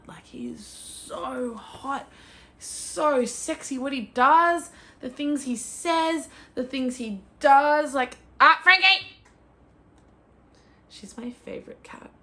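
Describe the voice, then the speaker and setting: Gushing Australian woman vlogger. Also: medium pitch. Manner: gushing, excitable, swears freely. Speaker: book vlogger. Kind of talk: casual chat. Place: at home with her cat.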